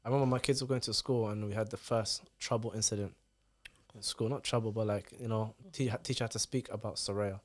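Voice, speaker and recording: A man, a father chatting as a podcast guest and telling parenting stories in an animated way. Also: on the low side. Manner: fast, animated storytelling. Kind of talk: casual podcast chat.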